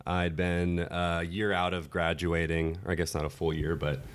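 A man's voice: sits low, little pitch movement, moderate pace. A man in his twenties, a podcast guest, casually telling a story in a laid-back, chatty way. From California.

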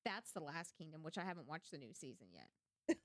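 A woman co-hosting a podcast in casual chat, telling stories with lively acted-out quotes and free swearing. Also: low-pitched, a little fast, no echo, clean studio sound. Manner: animated storytelling, swears freely. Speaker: podcast co-host.

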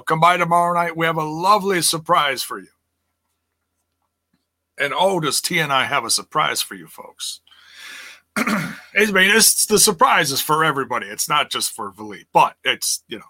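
A man's voice: pushed and bright, no room sound. A man hosting a podcast, ranting casually and swearing freely, on a close mic. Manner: ranting, swears freely, mocks others in a high voice. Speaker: podcast host. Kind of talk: casual solo podcast rant.

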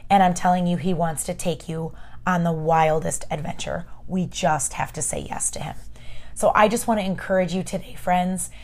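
A woman's voice: fairly low pitch, steady tone, normal speed, a little mellow. A woman hosting a casual, encouraging faith talk, chatty and emphatic, speaking straight to her listeners as friends. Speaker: podcast host.

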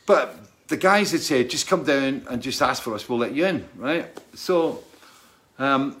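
A man's voice: mid-range voice, animated, unhurried, fairly bright tone. A man who is a touring musician, telling a casual, rambling anecdote, keeps checking in with "right?" and laughing.

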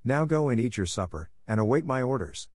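A man reading the part of a frightful, angry male beast in a storybook audiobook, with stern, measured delivery. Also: medium pitch, expressive, darkish tone, no room sound, clean studio sound, voice pushed up, natural voice. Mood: commanding.

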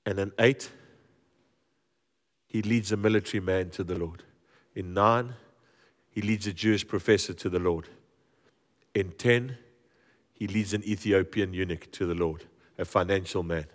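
Low-voiced man preaching in a reverberant hall. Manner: lively, joking storyteller with many repeated words. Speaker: guest preacher. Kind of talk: storytelling sermon. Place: church.

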